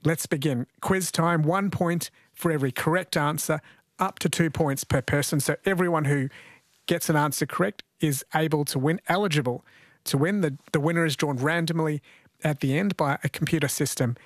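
A man hosting a call-in radio quiz, chatty and playful, often laughing with callers. His voice is a touch high for a man. The studio sound is dry and close. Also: normal speed, dry recording. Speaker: radio host.

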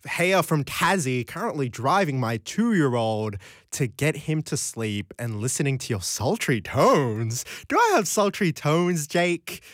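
A man's voice: on the high side, big pitch swings, measured pace, a bit bright, no echo. A man, hosting a late-night radio show in a playful, chatty way, talking to listeners from a studio microphone. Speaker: radio host.

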